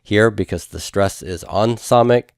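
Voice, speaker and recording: A man teaching a grammar lecture, speaking slowly and carefully, repeating each form twice and trailing off at the ends of phrases. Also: lowish voice, gravelly, no echo, clean studio sound. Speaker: Biblical Hebrew teacher.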